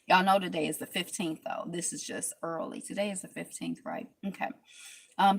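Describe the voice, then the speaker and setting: Lively storytelling woman, dry close sound. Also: lowish voice, brisk, creaky, husky, no room sound. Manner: animated storytelling with lively quoted voices; reads viewer comments aloud. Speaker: host. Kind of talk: casual livestream talk.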